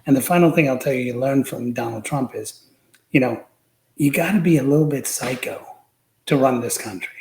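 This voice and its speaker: Animated male podcast guest, echoey room. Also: mid-range voice, a little fast, slight background noise. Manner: animated storyteller, acts out quotes. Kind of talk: casual political chat.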